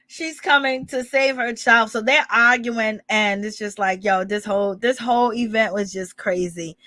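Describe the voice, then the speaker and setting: Gossip host, woman, slightly high voice, animated and dramatic, dry close sound. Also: normal speed, no room sound. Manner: animated, laughing, dramatic exclamations. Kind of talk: casual reality TV gossip recap.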